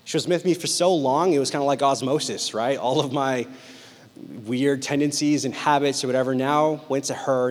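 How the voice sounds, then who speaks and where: A man with a fairly high voice delivers an animated, humorous sermon to a youth group, hamming up quoted lines for laughs. His voice rings with a long reverb off the walls of a big hall. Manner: animated, joking, acts out quotes. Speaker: youth pastor. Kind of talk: storytelling sermon to teens.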